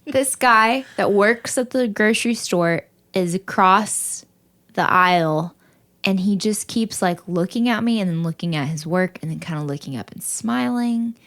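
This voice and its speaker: A woman co-hosting a podcast, telling stories in lively casual chat, laughing often and acting out what people said. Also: mid-range voice, unhurried. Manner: animated storytelling, laughs often, quotes people in dialogue. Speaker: podcast co-host.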